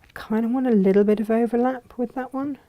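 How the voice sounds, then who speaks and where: A woman's voice: on the high side, fairly even intonation, quick pace, dark tone. A woman hosting a live textile craft demonstration, chatting and thinking aloud as she works.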